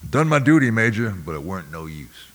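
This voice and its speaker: Man putting on a coarse overseer, small hard sullen man, snarling and contemptuous, higher and louder than the reader's deep voice, rushed. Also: very animated. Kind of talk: audiobook character voice.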